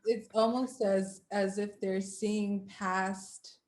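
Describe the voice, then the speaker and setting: A woman hosting an interview, asking questions softly and giving brief affirmations. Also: medium pitch, fairly even intonation, takes it slowly, reverberant. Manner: soft, brief affirming responses. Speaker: interviewer, host.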